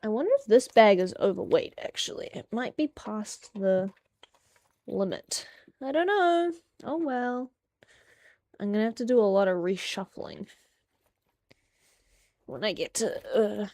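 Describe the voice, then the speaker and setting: Young woman, live-stream chat, rambling jokes, self-deprecating, relaxed slow pace. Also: mid-range voice.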